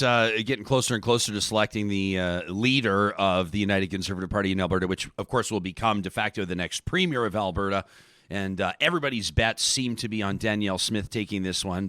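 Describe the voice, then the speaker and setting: A man's voice: fairly low pitch, pushed and bright, no room sound, studio quality. A Canadian man co-hosting a podcast, chatting casually about the news with a rambling, conversational manner. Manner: conversational, rambling with restarts and fillers. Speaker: podcast co-host.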